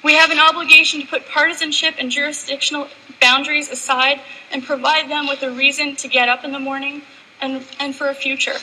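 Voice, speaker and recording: High, very bright woman legislator. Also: flat delivery, fairly quick, a little hiss or hum, low-quality recording. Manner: earnest and impassioned. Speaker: provincial legislator. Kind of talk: formal legislative speech. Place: legislative chamber.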